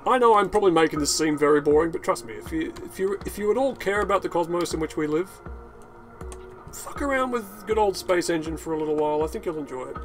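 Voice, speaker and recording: A man talks over his own gameplay in a loose, unedited ramble, swearing freely and drifting into rants. His voice sits a little high for a man. Faint music plays underneath. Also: quick pace. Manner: rambling, profane, ranting with laughs. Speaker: gaming channel host.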